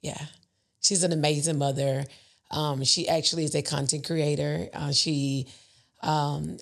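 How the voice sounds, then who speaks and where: A woman with a low voice and a gravelly edge of fry talks as a guest in a casual interview. She is earnest and laughs often as she speaks. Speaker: guest, event business owner.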